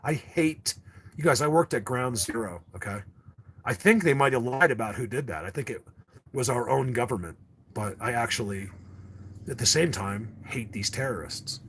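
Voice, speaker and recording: A man's voice: mid-range voice, moderate pace, fairly bright tone, slight background noise. A man hosting a casual livestream, rambling and ranting to his viewers with frequent restarts. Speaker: livestream host.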